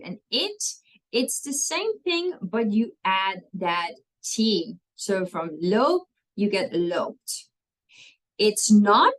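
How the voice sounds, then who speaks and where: A woman's voice: medium pitch, poor audio. A woman, teaching a language lesson and patiently walking through spelling rules step by step, often checking in with "okay?".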